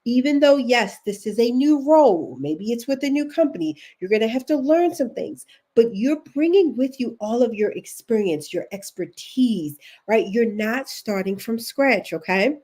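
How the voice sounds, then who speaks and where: Woman, Baltimore accent, career coach, live stream, chatty, encouraging, slightly high voice. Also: expressive, normal speed, darkish tone. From Baltimore, United States. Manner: chatty, encouraging, addresses viewers directly.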